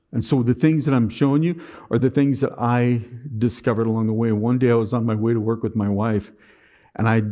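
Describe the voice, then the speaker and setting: A conference speaker with a mid-range, dark-toned voice delivers a motivational talk from the stage. His humor is sarcastic and dry, and he tends to repeat words when starting a sentence.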